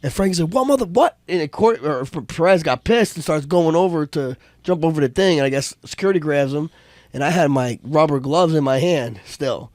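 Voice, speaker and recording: A man spins stories on a podcast, swearing freely and jumping into other people's voices. His voice sits a little high. The sound is close and dry, with no room echo. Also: fairly quick. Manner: animated, profane, acts out voices in stories. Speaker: podcast guest, fight coach. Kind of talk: casual storytelling chat. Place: podcast studio couch.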